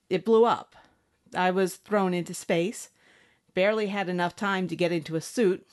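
In this audiobook character performance, a woman with a lowish, lightly acted voice plays a tough, blunt young bosun aboard a spaceship, brash and snappish.

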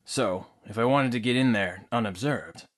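A man voicing a smooth, flirtatious male antiques dealer in an audiobook, easygoing and teasing. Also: mid-range voice, moderate pace, close to an everyday voice. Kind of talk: audiobook character acting.

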